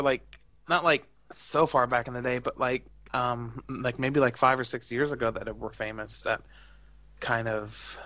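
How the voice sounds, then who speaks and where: A young man talks in a loose, rambling way, full of fillers and strong opinions. His voice is bright and a little tense. The sound is dry and close, with no room around it. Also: mid-range voice, no echo. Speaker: podcast co-host. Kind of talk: casual chat.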